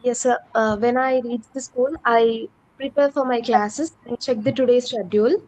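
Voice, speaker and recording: A woman's voice: on the high side, fairly even intonation, moderate pace, a little mellow. A woman teacher with an Indian English accent, answering politely and hesitantly, with many fillers, in an online speaking class. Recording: dull online call audio.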